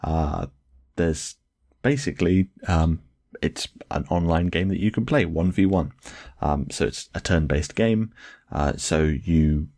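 A man with an exceptionally deep, low voice talks in easygoing podcast chat. He is chatty and fond of small jokes, and his talk wanders loosely with fillers as he goes. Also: unhurried, few pauses, darkish tone. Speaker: podcast co-host. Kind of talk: casual chat.

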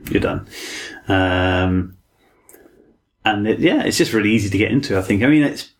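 A man's voice: on the low side, animated, moderate pace. A man co-hosting a casual game review chat, easygoing and thoughtful. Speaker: game podcast co-host.

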